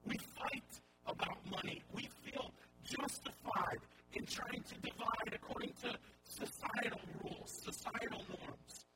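High-voiced pastor, chatty sermon with dry jokes, hum and noise in the background. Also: male voice, wildly swooping pitch, unhurried, few pauses. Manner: conversational preaching with wry asides.

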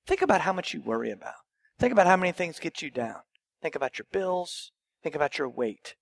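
High, gravelly-voiced male preacher. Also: sing-song, brisk. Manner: emphatic preaching with rhetorical questions and repetition. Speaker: pastor. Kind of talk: sermon.

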